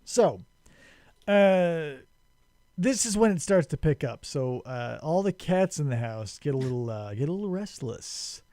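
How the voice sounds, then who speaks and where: A male podcast host talking in a rambling, sarcastic way and swearing freely. His voice is fairly high and very animated, with big swings in pitch. The sound is dry and close to the mic. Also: measured pace, dry recording. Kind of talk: casual chat, retelling a story.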